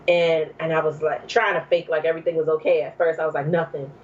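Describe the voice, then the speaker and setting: Brief: woman guest, from New Jersey, lively storyteller full of "um" and "like", slightly muffled recording. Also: deep voice, fast. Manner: animated, acts out quoted speech, many fillers. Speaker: podcast guest. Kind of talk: personal storytelling.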